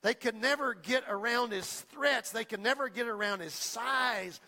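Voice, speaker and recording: A male preacher delivering a fervent sermon, repeating phrases and building toward shouts. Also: extremely high pitch, moderate pace. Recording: long reverb of a large hall.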